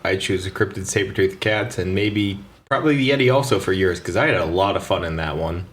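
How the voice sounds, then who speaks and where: A man's voice: low-pitched, fairly quick. A man hosting a casual chat podcast, easygoing and rambling, often stumbling and restarting. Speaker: podcast host.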